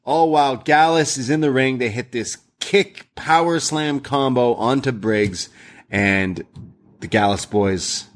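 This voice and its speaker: A man's voice: mid-range voice, unhurried. Casual man recapping wrestling. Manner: retells scenes with quoted voices. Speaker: wrestling podcast co-host.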